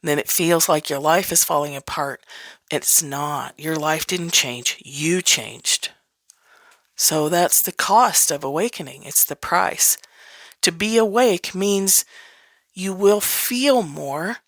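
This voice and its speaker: A woman with a fairly low voice talks in a candid, loose teaching style and breaks into laughter often. She swears casually. The recording is dry and close, with no room sound. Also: slow pace, a bit bright, no echo. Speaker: podcast host.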